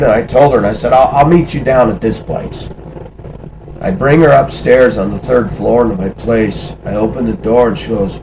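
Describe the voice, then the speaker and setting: A man's voice: fairly low pitch, normal speed, a little hiss or hum, rough recording. A middle-aged man casually telling stories from his life abroad, acting out the voices of people he quotes. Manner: animated, acts out quoted voices. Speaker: storyteller recalling life abroad. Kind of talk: casual spoken storytelling.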